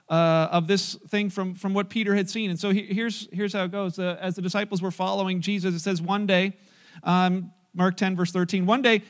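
A man in his forties preaching in a loose, conversational way, his voice sitting fairly high for a man. He tells family stories with lively energy, acts out other people's voices and laughs along. It sounds like a pastor talking easily with his congregation. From North America. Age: 40s. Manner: animated storytelling, acting out voices, laughing.

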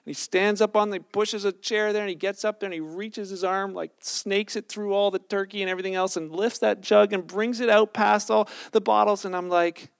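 A man's voice: high voice, fairly even intonation, a little fast, gravelly, hardly any pauses, clean tone, dry recording, clean studio sound. A man, a pastor with children, giving a sermon in a loose, conversational storytelling way, often restarting his sentences. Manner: conversational storytelling preaching, self-correcting.

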